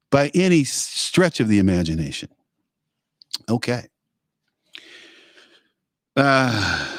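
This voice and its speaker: A man's voice: fairly low pitch, darkish tone, husky, no echo, studio quality. A man hosting a live talk show, delivering an opinionated, rambling monologue full of fillers and restarts.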